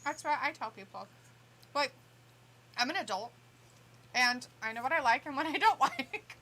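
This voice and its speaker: A woman with a high, bright voice co-hosting a casual live stream. She laughs often and reads viewers' comments aloud in easygoing chat. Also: lively intonation, moderate pace. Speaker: co-host reading the live chat.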